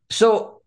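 A man talking as a guest in a casual conversation about faith, often restarting his sentences and chuckling as he talks.

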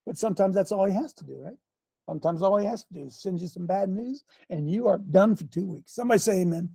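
A man preaching a fiery sermon, folksy and combative, with slang and sudden shouts. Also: high voice, fast talker, gravelly, breathy edge, no room sound. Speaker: pastor.

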